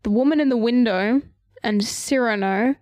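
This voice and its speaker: A chatty woman from Australia with a fairly high voice, talking casually and peppering her speech with fillers. The recording is dry and close, with no room sound. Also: normal speed, a little mellow, dry recording. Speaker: podcast co-host. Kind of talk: casual chat.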